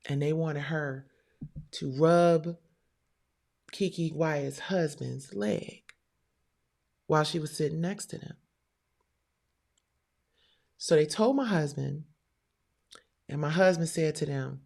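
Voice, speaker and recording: Middle-aged woman w a gravelly voice, hosting her live show, heated and cussing a lot while telling her story. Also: low-pitched, takes it slowly, pauses often. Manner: heated, profane, animated retelling with quoted voices. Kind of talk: emotional storytelling to viewers.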